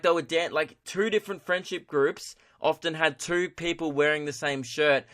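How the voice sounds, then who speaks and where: A man's voice: fairly high pitch, fairly bright tone, no echo, clean studio sound. A young man, hosting a solo comedy podcast and ranting in a sweary way while laughing at his own jokes. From Australia. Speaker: podcast host.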